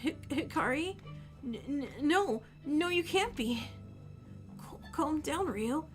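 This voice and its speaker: A woman's voice: high voice, lively intonation, slow, soft background music. A woman voicing an anxious, protective young male protagonist from a game, reading his lines and narration aloud in an earnest, pleading way. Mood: narrating.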